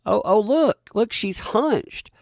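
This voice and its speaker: A man putting on a high, breathless, mocking voice to play an excited media body-language pundit. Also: slow, gravelly, no room sound, studio quality, heavily acted. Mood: mock gushing.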